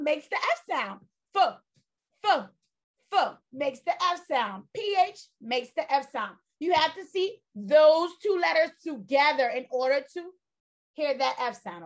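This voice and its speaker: A woman with a high, bright voice leads a phonics lesson for young children. She talks slowly and draws each sound out in a sing-song way. Her tone stays encouraging throughout. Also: expressive. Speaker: teacher.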